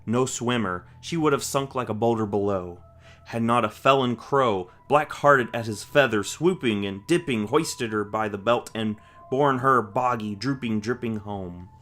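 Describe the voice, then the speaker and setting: A man reading a rhyming children's book aloud with a rhythmic, expressive delivery. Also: medium pitch, unhurried. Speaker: storyteller.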